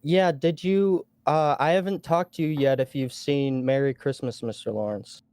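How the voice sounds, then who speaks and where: A man calling into an online show, speaking in a shy, hesitant way full of fillers. His voice is smooth and clear, with a mid pitch, and the sound is dry and close. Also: steady tone, normal speed, a little mellow, no room sound. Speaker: caller, community member. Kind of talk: casual chat.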